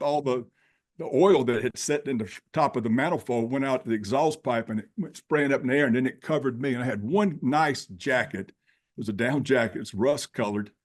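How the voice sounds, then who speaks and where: A man in his sixties, a podcast guest, telling his life story in a folksy, plain-spoken way and acting out the dialogue. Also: medium pitch. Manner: animated storyteller who acts out dialogue. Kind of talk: personal storytelling.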